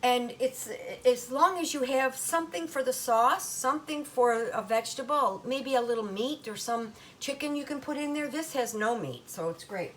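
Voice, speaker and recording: A woman's voice: sits high, normal speed, few pauses, fairly bright tone, slight background noise. An older woman hosting a home cooking demonstration in her kitchen, talking in a chatty, folksy Italian-American grandmother way.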